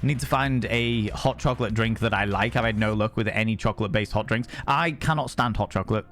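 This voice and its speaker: A man's voice: lowish voice, fairly quick, a bit bright. A young man streaming and chatting casually, rambling from topic to topic, swearing freely and greeting viewers by name. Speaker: streamer reading chat. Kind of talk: casual chat.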